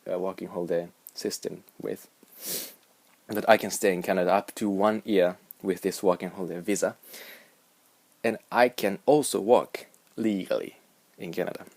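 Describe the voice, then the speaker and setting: A man's voice: deep voice, steady tone, normal speed, vocal fry, a little mellow, no echo. A young man with a Japanese accent, rambling and musing aloud in a casual vlog. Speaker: vlogger.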